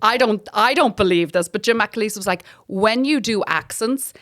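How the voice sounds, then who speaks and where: A woman with an Irish accent, a comedian guest in a casual chat, telling lively stories, swearing freely and laughing often. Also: medium pitch, moderate pace. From Ireland.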